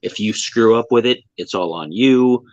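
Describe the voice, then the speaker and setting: A man's voice: on the low side, moderate pace, dry recording, lo-fi sound. A man co-hosting a podcast in casual chat, rambling with lots of filler words. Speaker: podcast co-host.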